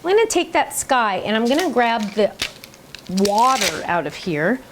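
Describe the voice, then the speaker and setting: A woman's voice: on the high side, sing-song, moderate pace, background noise. A middle-aged woman chatting her way through an online cardmaking class, talking as she works with her hands. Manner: chatty, bubbly, talks while working with hands. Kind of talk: online crafting demonstration.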